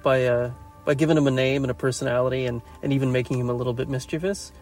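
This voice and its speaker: A man's voice: medium pitch, steady tone, fast, darkish tone, soft background music. A man from Canada co-hosting a podcast, chatting casually and reflectively, laughing easily. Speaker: podcast co-host. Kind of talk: casual chat.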